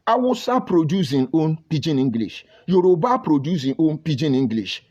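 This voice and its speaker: A commentator with a Nigerian accent scolds passionately in a monologue crowded with rhetorical questions. His slightly high voice is very animated, husky and a little mellow, at a moderate pace. The sound quality is dull and lo-fi.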